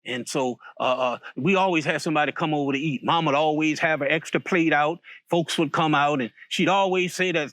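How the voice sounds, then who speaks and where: A man's voice: a little high, brisk, hardly any pauses, a bit bright, no room sound, studio quality. A man from Virginia telling a folk story aloud, in a folksy way with many repeated words and restarts. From Virginia, USA.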